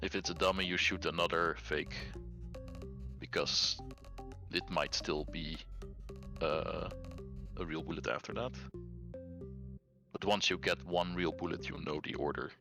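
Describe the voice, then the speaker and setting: A man's voice: deep voice, a little slow, gravelly, long pauses, music in the background. A young man streaming a game with a friend, laying out the plan step by step and chuckling along. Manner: explains plans step by step, chuckles. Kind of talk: casual let's-play chat.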